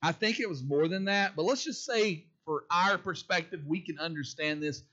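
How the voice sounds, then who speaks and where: A man's voice: fairly high pitch, normal speed, sharp tone. A man preaching a sermon who repeats key phrases and asks the congregation questions, in a dull lo-fi recording. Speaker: pastor.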